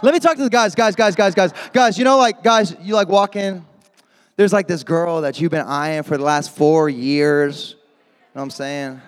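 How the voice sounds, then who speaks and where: A young man preaching an energetic youth sermon as a youth pastor, animated and jokey, shouting for emphasis. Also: fairly high pitch, moderate pace, in a large hall.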